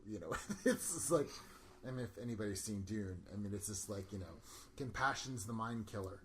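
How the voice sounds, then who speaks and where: A man co-hosting a casual podcast, rambling excitedly about a film, often laughing and quoting lines from it. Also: fairly low pitch, fairly quick, a little hiss or hum. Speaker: podcast co-host. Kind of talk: casual movie discussion.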